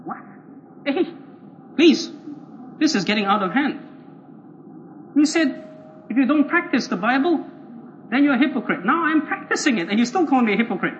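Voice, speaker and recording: A preacher mimicking a smug, boastful churchgoer. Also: male voice, high-pitched, expressive, normal speed, a bit bright. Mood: indignant. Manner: boastful, then flustered and stammering. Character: smug self-righteous man, indignant church zealot. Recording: dull lo-fi recording, faint noise.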